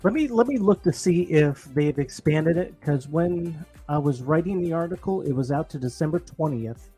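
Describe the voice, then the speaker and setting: Husky-voiced casual podcast co-host man. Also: on the high side, animated, moderate pace, mellow, faint music behind. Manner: joking, chatty interjections. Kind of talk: casual news chat.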